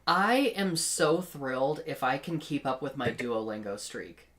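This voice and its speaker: A woman's voice: rumbling low, animated, measured pace, a bit bright. A woman co-hosting a podcast, telling stories in casual chat and laughing often. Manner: chatty, laughing storyteller. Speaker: podcast co-host.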